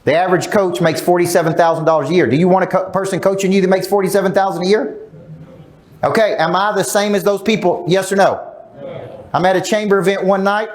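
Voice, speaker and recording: A middle-aged man speaks as a sales coach at a live seminar, his voice sitting a little high for a man. He is emphatic and keeps asking the audience questions. He acts out quoted lines as he goes. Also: steady tone, quick pace. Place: large event room.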